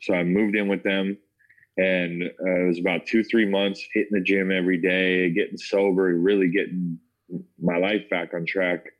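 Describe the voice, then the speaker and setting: A man with an American accent and a notably deep, low voice recounts his past in a loose, conversational way. He speaks casually, leaning on fillers and restarts as he tells his testimony to an interviewer. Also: flat delivery, normal speed, dull audio. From United States. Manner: casual, filler-heavy, says "like" and "man" often. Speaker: interview guest. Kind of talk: personal testimony storytelling.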